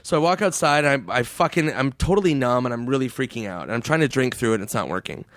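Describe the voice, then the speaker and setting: Male comedian guest, mid pitch, laughing storyteller with quick impressions, dry close studio mic. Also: fairly bright tone, no room sound. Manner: laughing storyteller, voices quoted people in a high put-on pitch. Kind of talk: casual storytelling.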